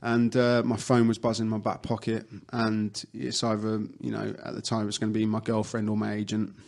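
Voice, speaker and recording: A young adult man speaks in a gravelly, fairly flat voice as a guest in a casual interview. He tells his stories at length, with frequent fillers and false starts. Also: on the low side, brisk. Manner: chatty storyteller, many fillers and restarts. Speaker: actor guest.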